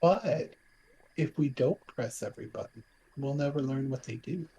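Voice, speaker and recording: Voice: medium pitch, normal speed, warm tone, breathy edge, poor audio. A player in a tabletop game asking curious questions in character.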